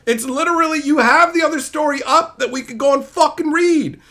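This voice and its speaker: A man's voice: extremely high pitch, a little fast, bright, forceful tone. A young man streamer ranting in a sarcastic, profane, mocking way. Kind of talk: ranting commentary.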